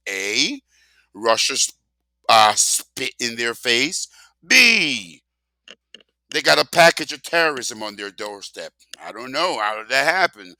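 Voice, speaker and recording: A man's voice: medium pitch, vocal fry, pushed and bright, dry recording. An older man ranting sarcastically in a casual monologue, emphatic and rambling, full of rhetorical questions. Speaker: vlogger.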